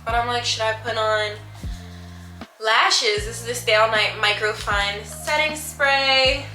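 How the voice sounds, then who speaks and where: A woman's voice: fairly high pitch, steady tone, slow pace, sharp tone. A young woman in her twenties chatting casually in a rambling way while doing her makeup. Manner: chatty, rambling, many fillers. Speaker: beauty vlogger. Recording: echoey room with faint music.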